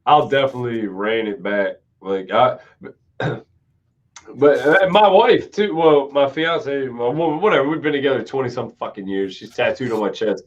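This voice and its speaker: A man's voice: mid-range voice, normal speed. A man hosting a live stream, telling a long, profane party story in casual chat. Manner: profane, rambling anecdote-telling. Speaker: host. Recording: dull lo-fi stream audio.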